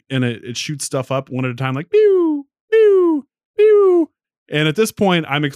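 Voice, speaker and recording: A man's voice: medium pitch, no echo, clean studio sound. A man co-hosting a podcast, telling a story casually and laughing through his words. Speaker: podcast co-host.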